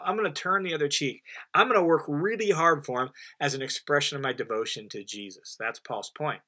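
A man's voice: on the high side, pushed and bright. A man teaching through a Bible passage verse by verse in a conversational, emphatic way, often restarting and repeating phrases for stress. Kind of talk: unscripted Bible commentary.

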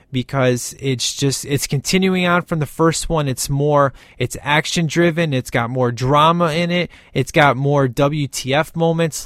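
A man's voice: mid-range voice, dry recording, studio quality. A man talking casually and enthusiastically about a movie sequel, rambling with frequent restarts. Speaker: movie reviewer.

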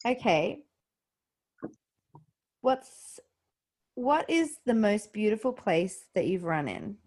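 A woman's voice: mid-range voice, sing-song, slow. Woman, podcast host, effusive, casual chat. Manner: warm and effusive, gets emotional.

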